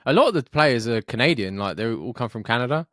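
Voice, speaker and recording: A Scottish man co-hosting a podcast, telling sweary, animated anecdotes in casual chat. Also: mid-range voice, fast, no room sound, studio quality. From Scotland, Fife. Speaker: podcast co-host.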